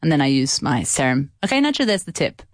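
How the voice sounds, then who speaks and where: Woman radio host, chatty and teasing, animated pitch, dry close mic. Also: quick pace, no echo, faint music behind. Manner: chatty, playful, laughs often, swoops up in pitch. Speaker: radio co-host and English teacher. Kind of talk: casual radio chat teaching English.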